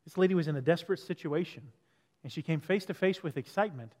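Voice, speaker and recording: A man preaches in a church with a high, light voice, and his words ring out in a long hall echo. He keeps the sermon conversational and checks in with the listeners with quick questions. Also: darkish tone. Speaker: pastor. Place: church sanctuary.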